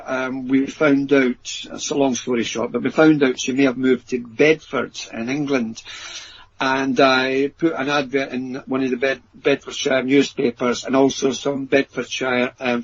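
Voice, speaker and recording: A Scottish man, a paranormal researcher and author, telling anecdotes in an animated way on a podcast. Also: mid-range voice, husky. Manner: animated anecdotes acting out quoted voices. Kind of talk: storytelling in a podcast interview. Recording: dull lo-fi audio.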